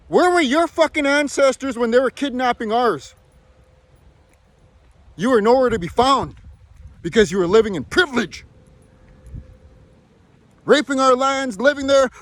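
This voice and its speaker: A man's voice: very high-pitched, expressive, measured pace, pauses often, no room sound. A man from Canada delivering a heated, profane, defiant rant to camera outdoors. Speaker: video blogger. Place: outdoors in a built-up area.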